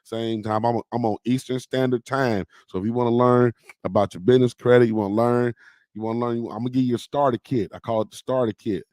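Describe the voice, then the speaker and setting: A man's voice: medium pitch, steady tone, fast talker, a little mellow, dry recording, clean studio sound. A man hosting a casual livestream, chatting loosely with his viewers and peppering his talk with "man" and "y'all". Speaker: podcast host on a livestream.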